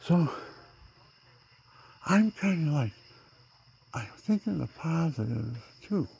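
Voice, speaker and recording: Gravelly seventy-something man rambling. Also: on the high side, animated, slow pace, a little hiss or hum. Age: 70s. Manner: rambling, drifts between loud outbursts and near-whispers. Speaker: vlogger. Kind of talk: rambling personal monologue.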